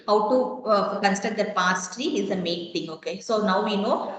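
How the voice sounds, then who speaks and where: A woman lecturer teaches a class, walking through each point and putting repeated questions to her students. Her voice is mid-pitched and rings around a very echoey classroom. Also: moderate pace. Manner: explains step by step and quizzes students with repeated questions.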